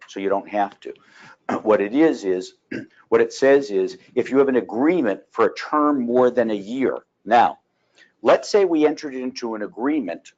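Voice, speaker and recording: Throat-clearing man lecturing in lo-fi audio. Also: fairly low pitch, a little mellow. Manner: frequent throat clearing, folksy storytelling. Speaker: real estate attorney teaching a class. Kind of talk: continuing education lecture.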